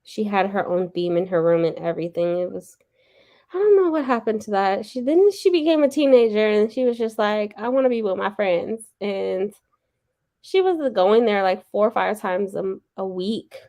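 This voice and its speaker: A woman chatting casually on a livestream, telling relaxed stories between short agreeing replies. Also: medium pitch, moderate pace.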